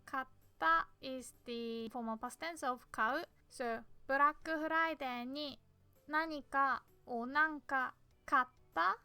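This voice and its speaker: A Japanese woman with a Japanese accent, a native Japanese speaker teaching a beginner language lesson, explaining patiently step by step and repeating words slowly. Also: high voice, sharp tone, no echo.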